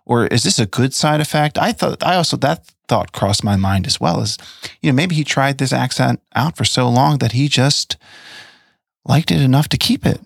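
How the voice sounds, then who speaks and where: A man's voice: medium pitch, normal speed, gravelly, no room sound, studio quality. A man co-hosting a casual podcast, musing thoughtfully and hedging his words. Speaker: podcast co-host, movie insider. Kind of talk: casual chat.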